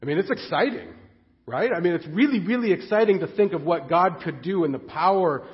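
A man's voice: high voice, fairly quick, long reverb tail, highs cut off. Fired-up male pastor preaching. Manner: earnest and excitable, often restarting words. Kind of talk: sermon.

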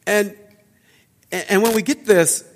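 A man preaching a sermon as a pastor, earnest, often repeating words and dropping to a quiet low voice for emphasis. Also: slow pace, noisy background. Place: church sanctuary. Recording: church hall reverb.

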